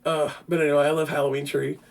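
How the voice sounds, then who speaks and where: A man's voice: on the high side, fast, vocal fry. A man hosting a podcast, casually reviewing a film in a rambling, profane way with frequent restarts. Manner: grows loud and animated. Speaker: podcast host.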